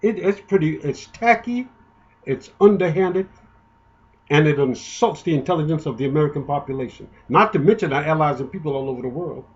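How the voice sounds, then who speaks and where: A man's voice: on the high side, brisk, dull audio. A man giving an indignant, emotional, rambling political monologue, often restarting his sentences. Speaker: political commentator.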